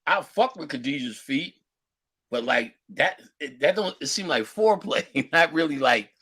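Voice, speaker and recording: A man's voice: on the high side, expressive, moderate pace, bright, forceful tone, husky. A man lecturing in casual storytelling mode, using profane street slang and acting out the voices of people in his story.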